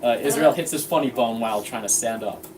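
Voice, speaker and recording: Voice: medium pitch, fast. A tabletop player chatting casually and describing their character's actions. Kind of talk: casual tabletop game play. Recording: distant mic with background noise.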